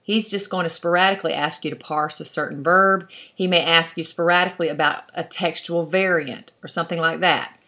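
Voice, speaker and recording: A woman's voice: on the low side, fairly even intonation, a little fast, hardly any pauses, sharp tone. A woman teaching an online class, explaining step by step in a patient way and thinking aloud as she goes. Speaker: Hebrew instructor.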